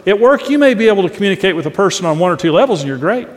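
A man's voice: sits high, big pitch swings, racing. A middle-aged man preaching a sermon on marriage, earnest and emphatic, acting out different tones of voice as examples. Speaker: pastor teaching on marriage. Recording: long reverb of a large hall.

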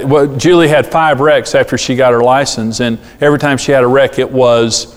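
Preacher with hall reverb. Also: male voice, medium pitch, moderate pace. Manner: animated, acts out quoted voices. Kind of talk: sermon on parenting.

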